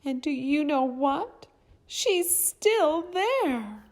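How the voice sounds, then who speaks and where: A woman voicing a tiny baby bear boy in a high, squeaky little voice for a storybook reading. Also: very animated, drawn-out words, exaggerated voice. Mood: whiny, tattling.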